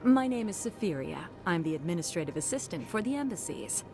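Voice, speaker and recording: Game NPC: a polite service-voice receptionist, lively lilt, lowish tone, music under. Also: female voice, brisk. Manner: accommodating service voice. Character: polite young woman embassy receptionist. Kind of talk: video game dialogue.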